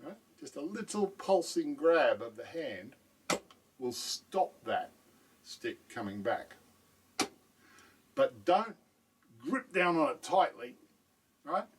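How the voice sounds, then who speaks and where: A man's voice: fairly high pitch, very animated, slow pace, pauses often, breathy edge, distant mic. A man teaching drum technique in a patient video lesson, often checking in with "right?".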